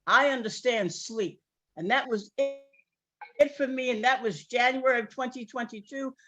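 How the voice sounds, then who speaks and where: A woman's voice: on the high side, normal speed, sharp tone. Emphatic New York woman on a call. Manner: emphatic, repetitive, rambling. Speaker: distributor on a sales call. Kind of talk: excited testimonial on a group call.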